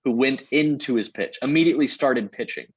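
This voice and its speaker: A man who heads a sales team, a podcast guest explaining his methods step by step in an energetic, casual way. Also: medium pitch, fairly quick, slightly rough, no echo, dull audio. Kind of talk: casual interview talk.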